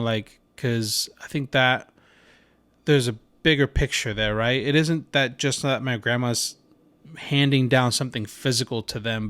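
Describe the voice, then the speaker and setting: A man in his thirties talks through a personal family story on his podcast, earnest and chatty, with plenty of fillers. His voice sits in an ordinary middle pitch. The sound is close and dry, with no room around it. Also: fairly bright tone, no room sound. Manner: conversational and earnest, lots of fillers. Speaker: podcast host. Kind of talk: casual storytelling monologue.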